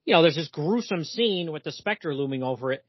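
A man's voice: on the high side, animated, a little fast, breathy edge, dry recording, lo-fi sound. A man co-hosting a comics podcast in casual chat, talking in a hesitant, chatty way with many fillers.

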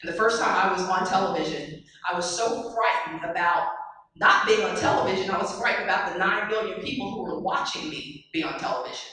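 Woman motivational speaker, animated and audience-engaging, bright tone, distant mic in a very reverberant hall. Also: on the low side, brisk. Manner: animated, asks the audience questions. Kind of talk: motivational speech with storytelling. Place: large hall before an audience. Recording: very echoey hall, far mic.

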